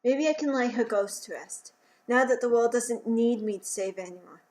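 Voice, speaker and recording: A woman's voice: fairly high pitch, moderate pace, darkish tone, close to an everyday voice. A woman voicing a male hero lieutenant who is grieving and brooding.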